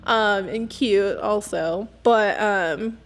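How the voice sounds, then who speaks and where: A young woman hosting her own podcast, ranting candidly and casually with lots of "like" and quick laughs. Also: mid-range voice. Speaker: podcast host. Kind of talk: casual solo podcast rant.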